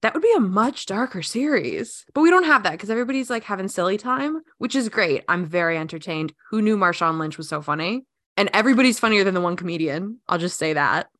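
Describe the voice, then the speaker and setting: A woman's voice: mid-range voice, animated, fast, few pauses, a bit bright, no room sound, clean studio sound. A young woman co-hosting a casual podcast, musing aloud in a chatty way with lots of "like"s. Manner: chatty, muses aloud with many "like"s. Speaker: podcast co-host. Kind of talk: casual chat.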